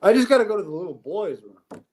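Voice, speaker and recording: Quiet, hesitant man hosting a stream. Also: high voice, lively intonation, fast talker. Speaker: stream host. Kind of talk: casual live-stream chat.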